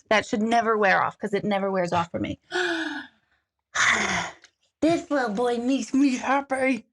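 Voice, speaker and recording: A woman's voice: fairly high pitch, moderate pace, a bit bright. A middle-aged woman hosting a casual livestream from home, rambling and self-mocking as she talks straight to her viewers. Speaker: host of an intuitive reading livestream.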